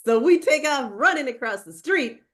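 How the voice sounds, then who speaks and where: A woman's voice: high-pitched, animated, normal speed. A woman co-hosting a podcast in casual chat, telling a funny story and laughing at herself. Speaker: podcast co-host.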